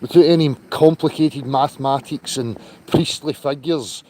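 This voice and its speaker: A man's voice: a little high, normal speed, mellow, a little hiss or hum. A man hosting a casual livestream outdoors, chatty and loose, swearing now and then. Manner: chatty, greets viewers by name, swears in asides. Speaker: livestream host.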